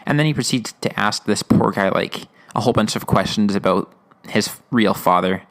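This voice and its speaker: A man's voice: lowish voice, normal speed, fairly bright tone. Male podcast host, loose rambling recap, frequent um and like. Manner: rambling, laughing, many fillers. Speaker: podcast host reviewing episodes. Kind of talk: casual episode discussion.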